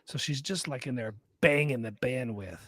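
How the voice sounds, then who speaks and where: A man's voice: medium pitch, moderate pace, fairly bright tone, dry recording, studio quality. A man co-hosting a live podcast, chatting casually and joking with plenty of swearing. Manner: profane, rambling, joking. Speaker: podcast co-host.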